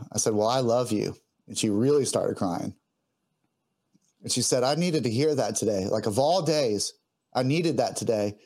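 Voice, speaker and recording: A man speaks as a podcast guest, his voice pitched in the ordinary middle range. He tells a personal story with open, earnest feeling. He often halts and restarts his sentences as he goes. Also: a little mellow. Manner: earnest, heartfelt, halting with restarts. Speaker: guest musician.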